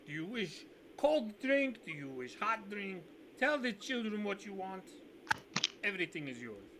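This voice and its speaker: A man's voice: high-pitched, sing-song, measured pace, very noisy, voice pushed up. A man voicing a big, nimble male mercenary leader in a tabletop game, in a put-on foreign accent with grand, broken phrasing. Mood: generous.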